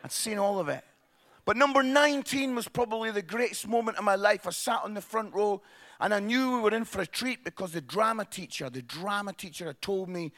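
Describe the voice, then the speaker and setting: High bright-voiced man telling comic stories. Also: a little fast. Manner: animated, acts out characters, laughs along. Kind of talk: comic storytelling to an audience.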